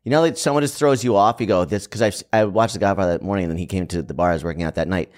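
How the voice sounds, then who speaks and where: A man joining a casual podcast chat and telling a quick, offhand story. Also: low voice.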